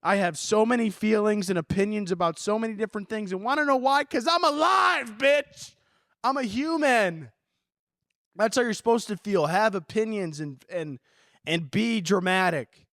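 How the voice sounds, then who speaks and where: A high-pitched man rants through a comedic advice segment with a close, dry mic sound. He swears constantly, swings from low muttering to full shouts, and acts out both sides of made-up conversations in mocking voices. His delivery is loud, overdramatic and full of opinions. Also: a little fast, no room sound. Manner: profane, ranting, overdramatic, swings from mumbled asides to shouting. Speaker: podcast host giving advice.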